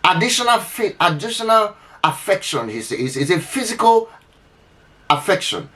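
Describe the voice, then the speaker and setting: A man's voice: high-pitched, big pitch swings, moderate pace, sharp tone. A man hosting a relationship advice talk, speaking emphatically to the listener, often repeating and restarting his phrases. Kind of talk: unscripted advice talk to camera.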